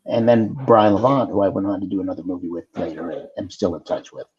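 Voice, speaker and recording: A middle-aged actor telling casual behind-the-scenes stories as a talk show guest, with animated storytelling. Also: male voice, low voice, fast talker, dull audio, a crowd in the background. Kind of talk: casual anecdotes on a video call talk show.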